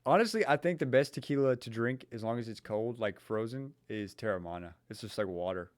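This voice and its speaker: A man's voice: mid-range voice, a little fast, dry recording, clean studio sound. A young man with a Louisville, Kentucky accent, chatting casually on a podcast, running his sentences together and swearing freely. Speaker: podcast host.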